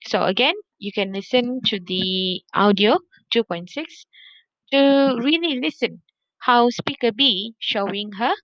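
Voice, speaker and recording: A woman's voice: on the high side, measured pace, a bit bright, dry recording. A woman lecturer, giving a recorded class in a chatty way, often checking in with "yeah?" and "okay". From Malaysia. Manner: chatty, repeats herself, many checking tags like "yeah?" and "okay". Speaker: university lecturer. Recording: dull lo-fi dry audio.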